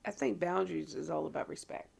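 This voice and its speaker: A woman co-hosting a casual podcast, expressive and laughing often, with exclamations. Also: low-pitched, fast talker, vocal fry, husky. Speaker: podcast co-host.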